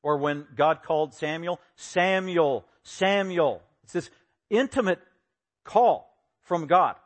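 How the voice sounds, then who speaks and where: A man preaching an expository sermon, lively and acting out the voices he quotes with sudden loud bursts. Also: fairly high pitch, measured pace. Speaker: pastor.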